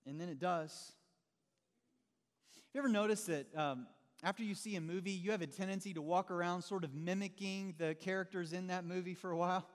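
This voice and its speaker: High-voiced preacher in a reverberant hall. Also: male voice, a little fast. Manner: conversational, animated, calls listeners "man". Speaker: pastor. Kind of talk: sermon.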